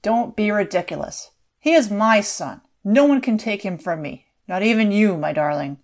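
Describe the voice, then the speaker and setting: A cold-hearted villainous lord, sneering and cool, speaks with a loud, firm voice in an audiobook reading, as a woman narrator puts him on. His pitch sits in an ordinary middle range, and his mockery stays calm and controlled. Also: moderate pace, natural voice. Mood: disappointed.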